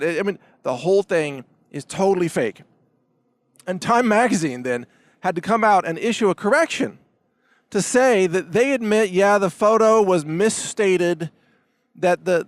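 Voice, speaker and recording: A man hosts a heated political commentary monologue in a voice set high and swinging widely in pitch. He talks emphatically, repeating words as he addresses his opponents head-on. The sound is dry and close. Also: no room sound. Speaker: commentary host.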